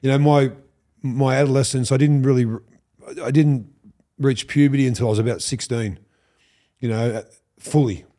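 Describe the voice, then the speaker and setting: An Australian man in his fifties, a podcast guest, telling animated stories, swearing freely and acting out what others said. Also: medium pitch, normal speed. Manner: animated, swears, acts out quoted lines. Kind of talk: storytelling interview.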